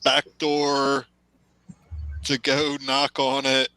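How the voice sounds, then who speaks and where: Bright, clear-voiced man player. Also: medium pitch, monotone, very slow, rough recording. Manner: insistent, urging the group on. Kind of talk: tabletop game play.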